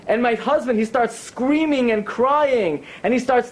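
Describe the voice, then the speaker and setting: A man, a rabbi, telling a story in a lively way and acting out the voices of its characters. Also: very high voice, normal speed, few pauses, slightly rough. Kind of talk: storytelling talk.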